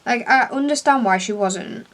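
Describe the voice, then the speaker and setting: A woman's voice: fairly high pitch, moderate pace, a bit bright. A young English woman vlogging at home, chatting casually and self-deprecatingly while doing her makeup. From England. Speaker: beauty vlogger.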